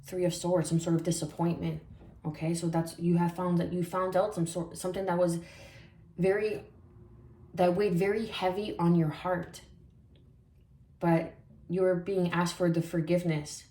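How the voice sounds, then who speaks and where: A woman giving a spiritual tarot reading in a soft, reflective way, often repeating phrases for emphasis. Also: on the low side, little pitch movement, normal speed, long pauses, roomy sound, a little hiss or hum. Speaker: tarot reader.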